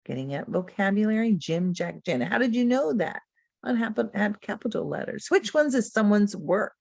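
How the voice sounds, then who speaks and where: A woman's voice: medium pitch, animated, normal speed, vocal fry, a little mellow, no echo. A woman presenting a literacy lesson over a video call, modeling classroom drills with patient, encouraging teacher talk and taking both the teacher's and the students' turns. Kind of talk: webinar lesson demonstration.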